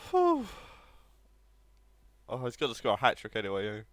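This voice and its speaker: A young man commentating on his own football video game match, laughing often and excitable. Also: mid-range voice, moderate pace, dry recording. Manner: giggly, excitable, laughs between lines. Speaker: gaming streamer.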